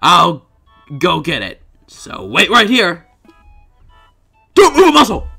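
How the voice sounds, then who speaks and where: A man's voice: sits high, huge pitch swings, slow pace, vocal fry, bright, forceful tone, husky, faint music behind, exaggerated voice. A man voicing cheery animal villagers, reading game dialogue in a playful sing-song way.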